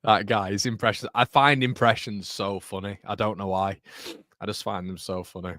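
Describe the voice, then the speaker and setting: A man's voice: lowish voice, steady tone, moderate pace, pushed and bright, dry recording, clean studio sound. A young man hosting a live football watchalong, chatty and casual, who keeps breaking into giggles. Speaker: host.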